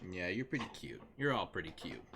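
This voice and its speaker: A man's voice: sits low, fairly bright tone, slight background noise. A young man chatting casually on a live game stream at his desk at home, rambling with lots of fillers and talking sweetly to his dogs.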